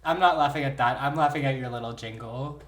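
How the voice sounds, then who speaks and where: Low-voiced woman co-host, lively and blunt, cracks jokes. Echoey room. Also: fast, slight background noise. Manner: blunt, joking reactions with swearing. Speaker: podcast co-host. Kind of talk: casual chat, reacting. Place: indoor podcast setup.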